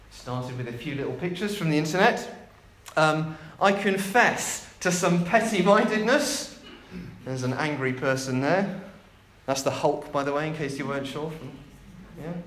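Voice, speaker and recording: A man's voice: a little high, animated, moderate pace, fairly bright tone, reverberant. A man preaching a chatty, jokey sermon.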